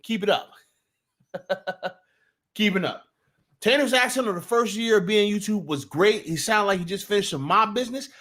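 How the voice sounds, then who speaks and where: A man with a fairly high voice hosts a live sports talk stream. He rambles in a relaxed way, restarting his sentences and filling gaps with fillers. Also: normal speed, long pauses. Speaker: sports talk show host. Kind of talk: casual live-stream chat.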